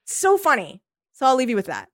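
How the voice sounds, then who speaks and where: A woman's voice: sits high, wildly swooping pitch, a little fast, no room sound, clean studio sound. A woman co-hosting a podcast in casual chat, rambling with lots of fillers and frequent giggles. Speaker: podcast co-host.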